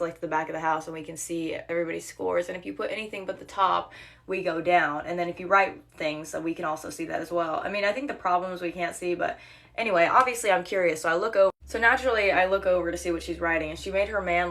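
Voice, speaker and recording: A young woman, a restaurant server, telling a casual storytime about a customer with sarcastic, animated delivery and mock-sweet quoted voices. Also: on the low side.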